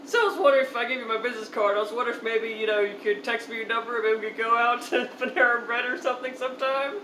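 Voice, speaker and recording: A pushy seventy-year-old man hits on a stranger with rambling, casual pickup lines, as a young woman mimics him. The voice is fairly high and bright, and it rings in a roomy, echoey space. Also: steady tone, racing, recorded from a distance, a little hiss or hum. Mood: hopeful.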